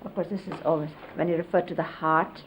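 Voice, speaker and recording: A deep-voiced middle-aged woman, talking a little fast with fairly even intonation, recalls her spiritual teacher as a disciple. Her casual storytelling covers hand gestures and is full of fillers, captured on dull 1970s videotape with a faint hiss.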